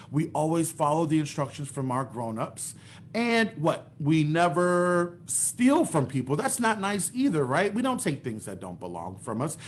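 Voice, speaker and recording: A man's voice: on the high side, fairly bright tone, a little hiss or hum. A man narrating a children's storytime in a sing-song way, asking the kids questions and praising them, into a large microphone. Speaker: children's storyteller and music teacher. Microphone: large microphone into a voice box.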